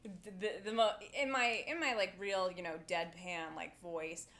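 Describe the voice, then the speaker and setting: A woman's voice: lowish voice, steady tone, moderate pace, a bit bright. A woman co-hosting a podcast in casual chat, talking in a chatty, self-assured way with plenty of fillers. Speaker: podcast co-host.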